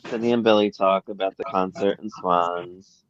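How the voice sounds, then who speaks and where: A man's voice: sits low, steady tone, moderate pace, lo-fi sound. A man co-hosting a podcast, recapping a soap episode in casual chat with frequent ums. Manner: laid-back, summarizes plot with many ums and laughs. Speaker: podcast co-host.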